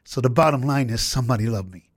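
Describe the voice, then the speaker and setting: A man's voice: mid-range voice, no room sound. An American man, a motivational speaker, telling stories with acted-out quotes in a radio studio interview. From United States. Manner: fast, emphatic storytelling with acted-out quotes.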